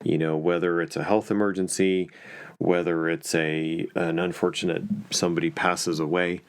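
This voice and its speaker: A man's voice: low-pitched, little pitch movement, moderate pace, clear, resonant tone. A man who is an estate planning and probate attorney, telling a story casually with many fillers and restarts.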